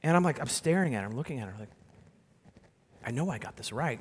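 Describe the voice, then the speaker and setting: A young adult man giving a conference keynote, telling a story with sudden loud and soft turns on a stage microphone. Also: on the high side, lively intonation, fairly quick, long pauses, husky. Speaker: keynote speaker. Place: large conference hall. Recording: long hall reverb.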